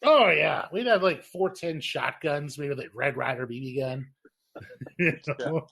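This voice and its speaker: A man with a slightly higher voice and a husky, breathy edge tells rambling stories on a casual podcast. He talks in an animated, profane way. His tone stays loose and conversational. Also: a little slow. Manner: animated, profane, laughing storyteller. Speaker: podcast co-host. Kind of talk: casual chat, storytelling.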